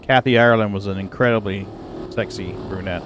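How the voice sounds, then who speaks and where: A man's voice: lowish voice, fairly even intonation, fairly quick, noisy background. A middle-aged man hosting a livestream, chatting casually with viewers in a rambling, chatty way full of exclamations. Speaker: livestream host. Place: home computer setup.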